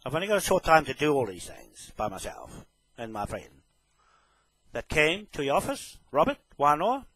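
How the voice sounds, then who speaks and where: A man making a public statement straight to camera, slow and emphatic, often checking "okay?". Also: a little high, sing-song, fairly bright tone, breathy edge, no echo, poor audio. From New Zealand. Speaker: self-proclaimed land claimant making a public statement. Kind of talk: direct address to camera.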